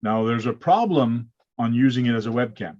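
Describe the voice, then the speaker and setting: A man's voice: medium pitch, animated, normal speed, a little mellow. A man hosting a casual hobby livestream, explaining things step by step with plenty of uh's over a video call. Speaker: host. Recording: lo-fi dull sound.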